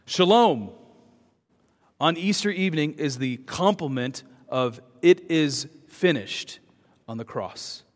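A man preaching a sermon as pastor, moving between loud urgent emphasis and soft hushed words. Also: a little high. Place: church. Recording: long hall reverb.

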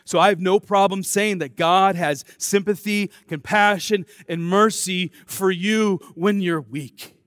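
A man preaching a sermon to his congregation. He swings between soft, intimate asides and loud, emphatic declarations, with casual, self-deprecating remarks. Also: high-pitched, fairly even intonation, measured pace, hardly any pauses, no room sound, clean studio sound. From American Midwest. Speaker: pastor.

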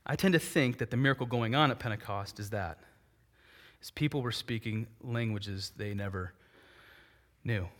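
A fairly low-pitched man, a pastor, gives a spirited sermon at an ordinary pace. He raises rhetorical questions and answers them, alternating forceful, loud high points with quiet side remarks.

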